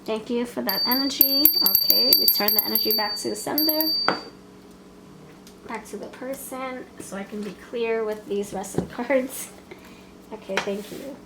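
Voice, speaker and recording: Woman doing a chatty tarot reading, kinda high voice, giggly, noise in the background. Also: normal speed. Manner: playful, chatty, laughs often, acts out quoted lines. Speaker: tarot reader. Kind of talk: casual pick-a-card tarot reading.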